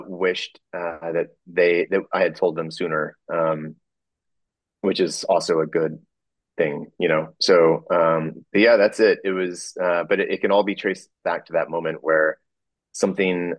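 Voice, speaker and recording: Very deep-voiced man, halting storytelling. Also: little pitch movement, no room sound, lo-fi sound. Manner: halting, full of fillers and restarts; chuckles through the telling. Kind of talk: personal storytelling.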